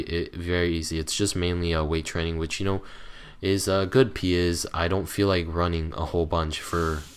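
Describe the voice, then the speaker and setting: A man's voice: sits low, smooth. A teenage boy hosting his gaming channel, chatting casually to viewers in a rambling, grumbling way with lots of hesitations. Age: teens. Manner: rambling, hesitant with many fillers; irritable, grumbling.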